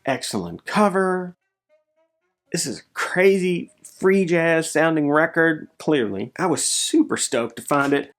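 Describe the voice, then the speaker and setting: A man talking casually on his vlog as a record collector, showing his finds and getting excited, his voice jumping up when thrilled and dropping low after. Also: measured pace, faint music behind. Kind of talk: casual show-and-tell vlog.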